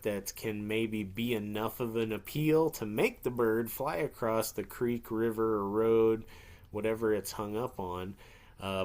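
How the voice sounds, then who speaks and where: Man teaching turkey hunting casually. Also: medium pitch. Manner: conversational, acts out turkey scenarios with playful voices. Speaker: hunting instructor. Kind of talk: webinar lesson.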